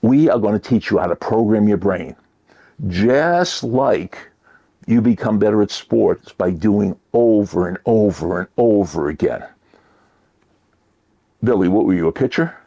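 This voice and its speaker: A man giving a motivational talk, shifting between loud emphasis and near-whispered asides. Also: lowish voice, lively intonation, a little slow, highs cut off. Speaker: motivational speaker.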